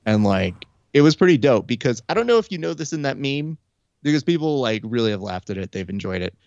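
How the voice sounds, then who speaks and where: A young adult man telling a story in casual chat, animated, acting out quoted lines with shifts in pitch. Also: fast talker, no room sound, dull audio. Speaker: podcast host. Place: Burbank area.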